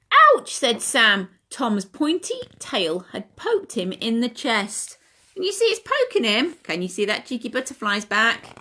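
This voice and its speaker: Brief: playgroup leader reading a picture book, bright and very animated. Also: female voice, on the high side. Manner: asks children questions, sing-song. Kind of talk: storytime reading for toddlers. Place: home.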